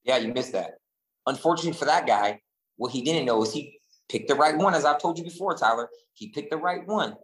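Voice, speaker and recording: A man co-hosting a casual chat, telling stories in an animated, profane and rambling way, full of restarts. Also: medium pitch, brisk, poor audio. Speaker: podcast co-host.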